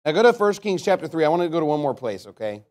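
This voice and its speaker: A male pastor delivering a sermon in a fairly high, animated voice. He alternates between steady scripture reading and lively, questioning commentary, often laughing at his own asides. His delivery is direct and conversational. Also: very fast.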